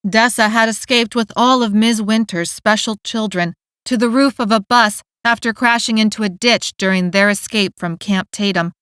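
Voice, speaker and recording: A woman's voice: medium pitch, normal speed, fairly bright tone, clean tone, no echo. A woman narrating an audiobook in scripted, emotive style on a close studio mic.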